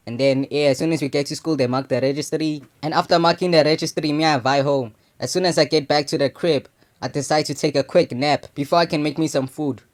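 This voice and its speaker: Slangy young man telling a story. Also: on the high side. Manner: slangy and loose, full of "you know what I'm saying" fillers. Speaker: channel host. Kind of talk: casual storytelling monologue.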